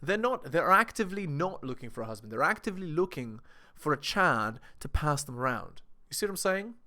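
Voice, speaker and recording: A video commentator reacts for his viewers, lecturing them and posing rhetorical questions. His voice is a little high, pushed, and bright.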